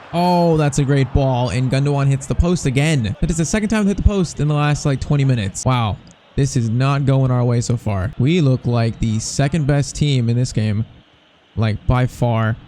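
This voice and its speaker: Excitable young man narrating gameplay. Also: mid-range voice, a little hiss or hum. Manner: excitable, talks to the players on screen. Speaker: gaming commentator. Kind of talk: live gameplay commentary.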